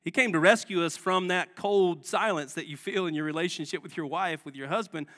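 Man, sermon, bright forceful tone, conversational preaching, reverberant church. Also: high-pitched, fairly quick. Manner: conversational preaching with rhetorical questions. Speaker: guest pastor. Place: church sanctuary. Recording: long church hall reverb.

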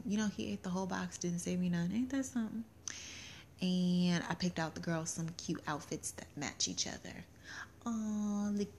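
A woman's voice: fairly low pitch, slight background noise. A young woman co-hosting a casual chat show, telling family stories in a chatty way and laughing often. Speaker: podcast co-host.

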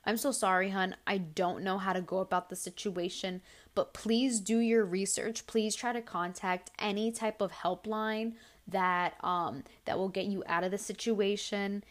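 A woman's voice: mid-range voice, steady tone, a little slow. A young woman hosting a casual advice podcast, answering listener questions bluntly and heatedly, with lots of swearing.

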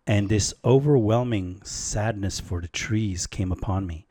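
Laid-back, lively low-voiced man. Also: unhurried, dry recording, clean studio sound. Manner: animated, laid-back, says "man" and "like" often. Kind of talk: casual storytelling chat.

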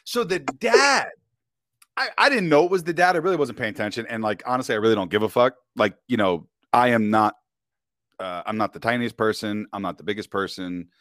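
A man's voice: fairly low pitch, brisk, a bit bright, no room sound, clean studio sound. A man, a podcast guest, telling a story in casual chat, talking in slang and keeps asking "you know what I mean".

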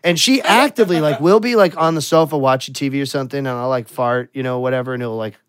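A man's voice: mid-range voice, fast, clear, resonant tone, no echo, studio quality. A man telling a crude story in casual podcast chat, swearing a lot and laughing as he goes.

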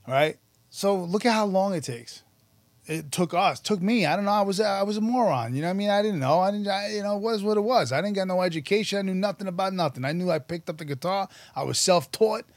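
A man, telling stories about his past in an animated, profane, casual interview. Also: high voice, fast, no echo. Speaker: podcast guest, musician and actor.

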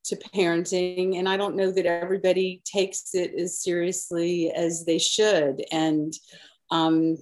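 A woman panel guest talking in a measured, halting way over a video call. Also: on the low side, flat delivery, darkish tone, rough recording. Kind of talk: casual panel chat.

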